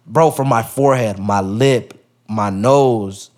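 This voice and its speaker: A man guesting on a podcast, telling a story in casual, profane street slang, with lots of "bro" and lively acted-out lines. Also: on the low side, slow pace. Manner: acts out other people's lines in raised voices.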